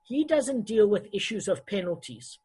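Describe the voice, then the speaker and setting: A man's voice: high-pitched, sing-song, normal speed, warm tone, slightly rough, low-quality recording. A man teaching an online Talmud class over a video call, hesitant and often correcting himself with many fillers.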